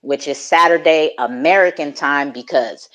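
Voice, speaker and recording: A woman from California hosting a casual live audio chat in a relaxed, slangy way, laughing often. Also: low-pitched, takes it slowly. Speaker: host.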